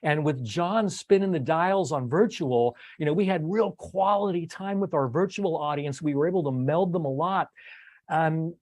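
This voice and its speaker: An older man hosts a relaxed recap talk on a video stream, speaking at normal speed in a slightly high voice. He rambles, restarts sentences, and uses plenty of fillers. The recording is dry and close, with no room sound behind him.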